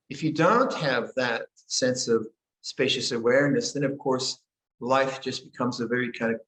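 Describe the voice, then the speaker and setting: An older man, a meditation teacher, giving a guided meditation and dharma talk in a gentle, unhurried way, often pausing and restarting his sentences. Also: medium pitch. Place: monastery meditation hall. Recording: echoey hall.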